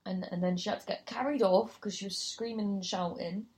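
A woman's voice: medium pitch, steady tone, brisk, a little mellow. A woman comedian telling a gig story casually, swearing freely and acting out other people's voices. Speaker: comedian and compere.

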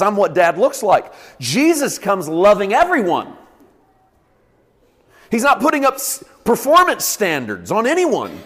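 A man's voice: high-pitched, long reverb tail. A male pastor preaching a sermon in an emphatic, conversational way.

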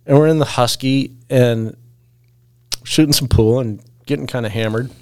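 A man's voice: medium pitch, moderate pace, a little mellow, clear, resonant tone, no room sound. A man telling a rambling, laughing story as a podcast guest, in a casual chat. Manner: laid-back, laughs through his story, rambles with restarts.

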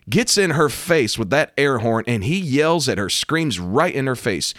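An American man, a preacher, talking emphatically about faith and current events and rising to loud, animated outbursts. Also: mid-range voice, measured pace, hardly any pauses, no room sound, clean studio sound. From United States. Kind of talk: preaching commentary to camera.

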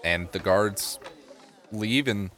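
A man narrating as game master in a tabletop game, relaxed and laid-back as he improvises. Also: fairly low pitch, takes it slowly.

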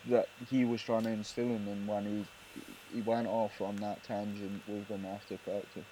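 A man talks sport with co-hosts in an easygoing podcast chat. His voice is dark and mellow, and he restarts and repeats words as he thinks aloud, with faint background noise. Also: on the low side, little pitch movement, moderate pace, rough recording. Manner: thoughtful, stumbles and repeats words. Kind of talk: casual chat.

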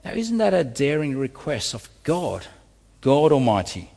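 A man preaching a sermon, his voice rising high and dropping low as he reads and pleads through the text. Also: measured pace, gravelly. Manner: expressive preaching, voice rises and drops sharply. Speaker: pastor. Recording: long reverb of a large hall.

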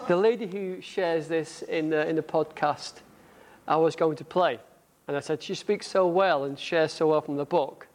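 Brief: middle-aged northern English man, slightly higher pitch, chatty self-deprecating church talk with a book reading. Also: normal speed, darkish tone, a little hiss or hum. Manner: conversational, self-deprecating, reads aloud. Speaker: church speaker.

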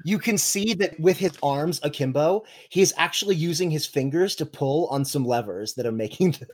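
A man running a tabletop game as game master, playful and animated. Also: fairly high pitch, normal speed.

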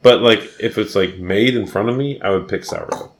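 A man's voice: fairly low pitch, moderate pace. A tipsy man co-hosting a casual podcast, rambling and laughing often as he answers questions. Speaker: podcast co-host. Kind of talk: casual chat.

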